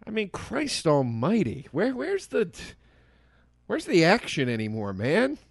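A man's voice: high voice, huge pitch swings, measured pace, creaky, no room sound, studio quality. A young man co-hosting a podcast who rants in a gloomy, profane way during casual chat. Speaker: podcast co-host.

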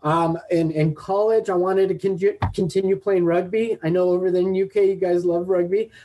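A man's voice: sits high, fairly even intonation, moderate pace, warm tone, slight background noise, rough recording. A man in his late forties from Southern California, a guest educator talking in an upbeat, rambling way and laughing often. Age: 40s. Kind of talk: podcast interview.

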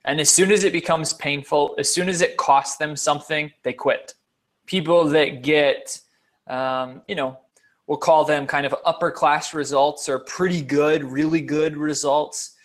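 A man's voice: on the high side, steady tone, unhurried. A man being interviewed as a guest on a podcast, a motivational speaker who talks earnestly and repeats words for emphasis.

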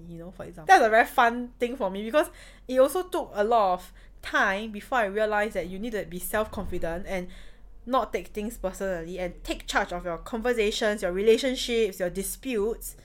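A woman's voice: mid-range voice, expressive, fairly quick. A young woman with a Singaporean English accent, chatting casually and frankly, swearing freely and acting out bits of dialogue. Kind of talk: casual chat.

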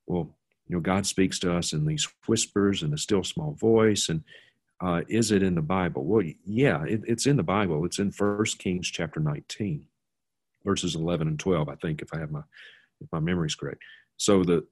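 A man's voice: low voice, husky. A man explaining a Bible passage in an informal, conversational way, with asides and restarts. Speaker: guest teacher.

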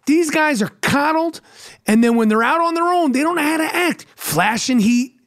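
A man's voice: very high-pitched, expressive, normal speed, fairly bright tone. A middle-aged man with a New York accent, hosting a podcast and delivering a brash, profane, mocking solo rant. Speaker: podcast host.

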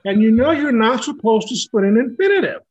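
A man's voice: very high voice, animated, a little fast, slightly rough, lo-fi sound, pitched above the performer's own voice, heavily acted. A man voicing his elderly mother, fussy and prim as she corrects grammar.

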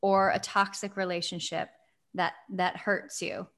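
A woman's voice: mid-range voice, flat delivery, unhurried, fairly bright tone. A young adult woman co-hosting a podcast, talking in an effusive, emphatic casual chat and repeating phrases for stress. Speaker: podcast co-host.

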